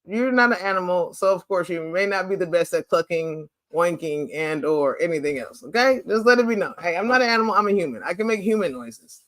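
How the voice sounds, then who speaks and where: A man hosting a casual chat over family photos, animated and playful, rambling with lots of "like". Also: sits high, a little fast, few pauses, dry recording. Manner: rambling, chatty, heavy use of "like". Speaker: host.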